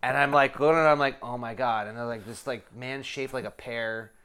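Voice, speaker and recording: A man chatting casually, telling a wry, self-deprecating story with deadpan asides. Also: mid-range voice, brisk, clean tone. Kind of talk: casual chat.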